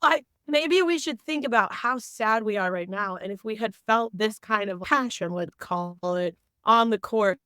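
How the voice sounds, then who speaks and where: A woman's voice: mid-range voice, a bit bright, clean tone, no room sound. A young woman, a teacher and coach, chatting candidly as a podcast guest and telling stories with lots of "like.". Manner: candid, storytelling, frequent "like". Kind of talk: casual podcast chat.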